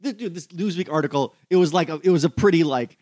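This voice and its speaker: A man's voice: a little high, fast talker, darkish tone, dry recording. A man co-hosting a casual podcast, blunt and profane, stumbling over restarts. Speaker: podcast co-host.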